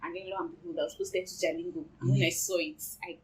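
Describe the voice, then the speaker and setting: A young woman with a Nigerian accent, casually telling her side of a love story, lively and often laughing. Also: on the low side, racing, rough recording. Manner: lively, laughing, quotes herself and others. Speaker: co-host.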